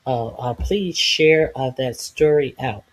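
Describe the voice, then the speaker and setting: A man hosting his own channel, speaking haltingly to viewers with many pauses and uh's. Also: mid-range voice. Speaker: channel host. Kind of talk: slow casual commentary to viewers.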